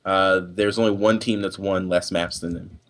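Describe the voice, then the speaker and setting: A man's voice: low-pitched, fairly even intonation, moderate pace. A young man hosting a casual gaming stream show, talkative, with many fillers and restarts. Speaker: podcast host.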